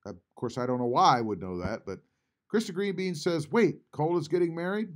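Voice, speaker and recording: A man's voice: on the high side, lively intonation. Casual man reading live chat. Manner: reads chat messages aloud and answers them, with many "uh" pauses. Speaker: YouTube channel host reading live chat. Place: home, at a computer.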